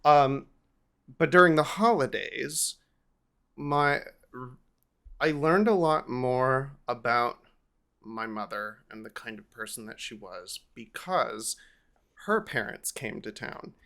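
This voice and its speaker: A man hosting a podcast, telling a family holiday story in a casual, animated way. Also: medium pitch, takes it slowly. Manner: animated, lively anecdote telling with swearing. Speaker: podcast host.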